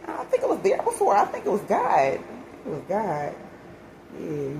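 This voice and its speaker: A woman telling a story in a casual vlog, dramatic and animated, acting out what people said. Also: deep voice, normal speed, creaky. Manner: animated, dramatic retelling with quoted voices and religious exclamations. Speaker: vlogger. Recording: noisy background hiss.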